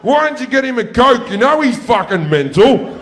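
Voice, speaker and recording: A man playing a shrill outraged mother, very high, loud, exasperated yelling. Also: sing-song, moderate pace, background noise. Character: furious shrieking mother scolding her sons.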